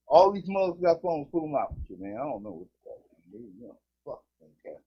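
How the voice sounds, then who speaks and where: Animated man telling stories. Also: on the high side, fairly quick, vocal fry, husky. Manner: animated storytelling, acts out cops, swears a lot. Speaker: co-host. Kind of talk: casual comedic podcast banter. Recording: dull lo-fi recording.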